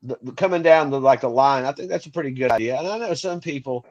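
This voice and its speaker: Halting man on a dull lo-fi line. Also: medium pitch, expressive, a little mellow. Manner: halting, restarts often. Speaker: podcast co-host. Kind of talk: casual chat. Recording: dull lo-fi sound.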